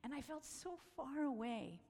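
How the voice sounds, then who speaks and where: A woman telling stories from a slideshow talk, animated and acting out the voices she quotes. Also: high-pitched, normal speed, big-room sound. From United States. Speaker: speaker presenting photos.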